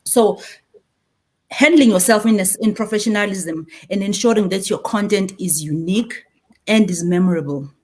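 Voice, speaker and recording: A woman from South Africa, in her forties and speaking with a Zulu-inflected accent, presents on a conference panel about marketing. Her delivery is animated and dotted with Zulu phrases, at medium pitch and normal speed.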